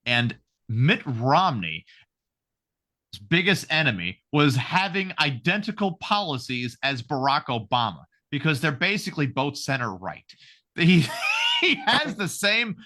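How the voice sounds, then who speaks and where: A man, hosting a podcast in casual political chat, animated and profane, acting out voices as he tells stories. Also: mid-range voice, measured pace. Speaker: podcast host.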